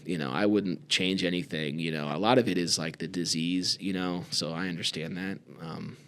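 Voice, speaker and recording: A man co-hosting a podcast, telling stories in casual conversation and acting out quoted voices by raising his pitch. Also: moderate pace. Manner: relaxed, acts out quoted voices with raised pitch. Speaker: podcast co-host.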